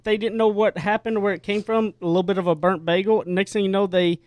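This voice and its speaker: A man's voice: sits high, fairly even intonation, quick pace, darkish tone, no echo. A man hosting a casual radio talk show, telling stories with lots of energy and frequent restarts. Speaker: host.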